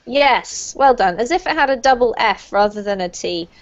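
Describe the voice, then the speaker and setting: Warm, patient woman teaching online. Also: a little high, animated. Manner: friendly, explains slowly, laughs often. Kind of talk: live online pronunciation class. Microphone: computer mic on a video call. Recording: dull lo-fi video call audio.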